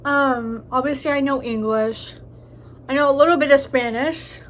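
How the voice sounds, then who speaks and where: A woman's voice: high voice, moderate pace, slight background noise. A young woman in a casual eating vlog, joking and crude, chatting between bites with a stuffy nose from allergies. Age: young adult. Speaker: vlogger. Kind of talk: casual mukbang chat.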